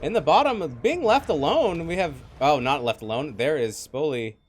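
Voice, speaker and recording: Here a man with a fairly high voice speaks at a normal pace while casting a live video game match. His play-by-play is lively, and he reads chat between plays. The online stream audio is slightly noisy.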